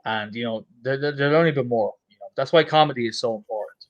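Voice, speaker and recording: A man's voice: medium pitch, quick pace, muffled recording. A man co-hosting a casual chat, enthusiastic and agreeable, swearing freely as he talks about comedy. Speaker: co-host.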